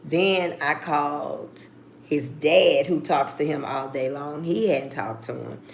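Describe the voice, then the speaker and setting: A middle-aged woman tells a story straight to her viewers in a deep voice. Her talk is blunt and full of swearing, and she acts out each phone call. Her voice has a gravelly rasp with a faint hiss behind it. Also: slow pace. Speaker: vlogger. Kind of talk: casual storytelling.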